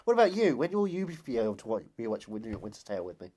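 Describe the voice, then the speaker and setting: A man's voice: mid-range voice, sing-song, racing, mellow, slight background noise. Teasing man co-hosting a podcast. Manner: teasing, playful. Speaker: podcast co-host. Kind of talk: casual chat.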